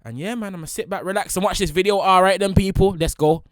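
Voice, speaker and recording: A young man, rambling excitably in street slang as he introduces a reaction video. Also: high voice, fast talker, no echo, clean studio sound. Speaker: reaction streamer. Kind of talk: hyped reaction commentary.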